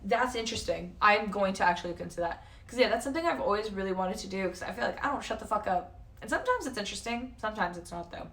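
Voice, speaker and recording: A woman's voice: medium pitch, expressive, fast, fairly bright tone, recorded from a distance. A young woman livestreamer chatting casually to her viewers, cursing a lot and saying "like" constantly, her voice wearing thin. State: losing her voice. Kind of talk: casual chat to stream chat.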